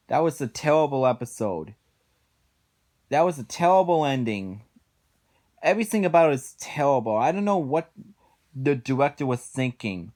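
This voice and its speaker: A man's voice: mid-range voice, lively intonation, normal speed, a little mellow. A man giving a casual spoken review of cartoon episodes, exasperated, sighing often and rambling through his points.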